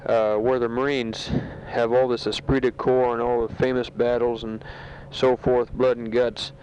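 A man who is a soldier, recording a casual spoken letter home from a sandbag bunker, talking matter-of-factly with a halting delivery full of fillers, on a dull home tape recording. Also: mid-range voice, little pitch movement, a little mellow, slight background noise. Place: sandbag bunker in a war zone.

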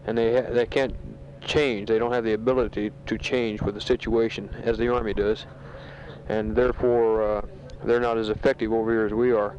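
A fairly low-voiced soldier reads news to his family from a sandbag bunker in a war zone, making a casual taped letter home. Flat and plain, he speaks matter-of-factly, with halting pauses and many fillers. A slight hiss or hum sits on the dull, muffled lo-fi home tape.

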